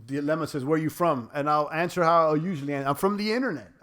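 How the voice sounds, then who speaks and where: Guy on a crypto livestream, kinda high voice, rambly, lots of uhs, reading chat and razzing trolls. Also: fast talker, fairly bright tone. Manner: loose and rambling, many fillers and restarts; playful trash talk toward trolls. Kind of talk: casual livestream chat reading viewer comments.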